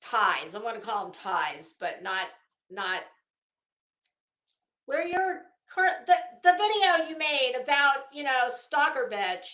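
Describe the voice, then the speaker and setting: Middle-aged woman on a livestream, unhurried, bright voice, blunt and swears a bit, roomy echo. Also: sits high, sing-song. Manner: chatty, blunt, swears casually, greets chatters by name. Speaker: livestream host. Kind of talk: casual livestream chat greeting viewers.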